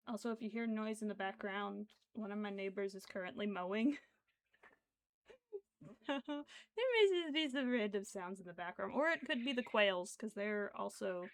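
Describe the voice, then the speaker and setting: With vocal fry in a medium-pitched voice, a woman crochets on a livestream, chatting loosely, filling gaps with fillers, and counting stitches mostly to herself.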